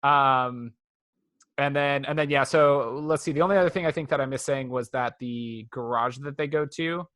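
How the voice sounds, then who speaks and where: A man's voice: medium pitch, normal speed, fairly bright tone, no echo. A man co-hosting a podcast, chatting casually about a cartoon with wry, sarcastic asides. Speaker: podcast co-host. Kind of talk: casual chat reviewing a cartoon.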